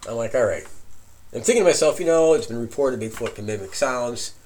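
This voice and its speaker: A man casually telling a profane campfire story, animated and often laughing as he recounts it. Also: mid-range voice, a little fast.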